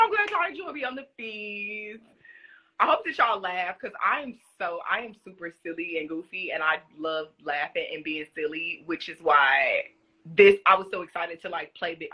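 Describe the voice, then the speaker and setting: A young woman chatting casually on a phone livestream, animated and giggly, rambling and restarting as she answers viewers' comments. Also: on the low side, husky, rough recording. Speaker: former reality show contestant.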